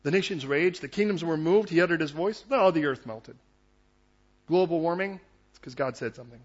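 A male pastor delivering a sermon in a husky, slightly higher-than-usual voice. He surges into loud, pressing urgency, then drops to a hushed intensity. The recording sounds muffled and lo-fi. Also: moderate pace.

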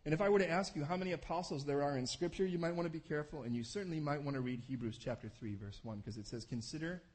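A man preaching a sermon, animated, acting out scenes with voices. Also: a little high, fast talker. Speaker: pastor.

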